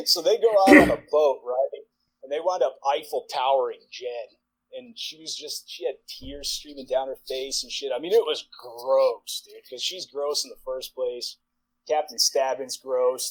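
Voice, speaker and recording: A man in his forties, a podcast guest, telling a long profane anecdote in a rambling way full of "like" and quick laughs. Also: medium pitch, breathy edge, rough recording. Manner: rambling, profane, filler-heavy, laughs mid-sentence. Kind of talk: casual storytelling anecdote.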